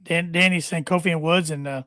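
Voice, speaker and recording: A man co-hosting a casual wrestling podcast, talking in a halting way and often repeating his words. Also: on the high side, steady tone, pushed and bright, no echo, studio quality. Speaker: podcast co-host.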